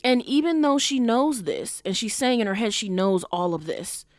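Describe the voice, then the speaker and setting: A woman's voice: fairly high pitch, moderate pace, no room sound. Emphatic woman podcaster, dry close sound. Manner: animated, emphatic, rhetorical questions, frequent fillers. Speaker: podcast host. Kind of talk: casual commentary.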